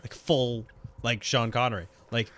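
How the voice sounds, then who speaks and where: A man's voice: medium pitch, fairly even intonation, unhurried, fairly bright tone, no echo. A man guest on a film podcast, chatting casually in a jokey, giggly way. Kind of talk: casual chat.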